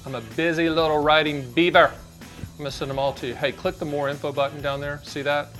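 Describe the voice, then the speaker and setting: A man's voice: a little high, little pitch movement, a little fast, fairly bright tone, faint music behind. A man, hosting a finance explainer vlog in a chatty, salesy, joking way and talking straight to the viewer. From Southern United States. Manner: jokey, chatty, salesy, addresses the viewer directly. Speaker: annuity advisor and show host. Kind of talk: direct-to-camera explainer vlog.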